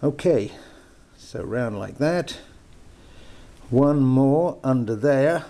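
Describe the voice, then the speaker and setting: A man's voice: medium pitch, animated, very slow, warm tone. An older man from the United Kingdom with a put-on American accent, giving a chatty, jokey knot-tying lesson at home with lots of hesitant fillers. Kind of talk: homemade instructional video. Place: home lounge.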